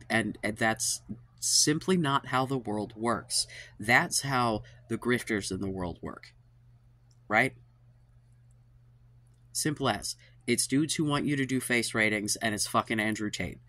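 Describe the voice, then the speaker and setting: A man with a mid-range, pushed, bright voice, recorded dry, hosts his own dating-advice channel. Speaking to camera in a frustrated monologue, he vents with exasperation and profanity, sighing and trailing off, fed up and worn out.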